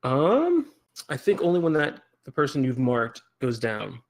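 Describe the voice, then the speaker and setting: A man running a tabletop roleplaying session, his mid-pitched voice carrying a gravelly fry. He narrates and rules in a relaxed, chuckling way. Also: unhurried. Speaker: game master.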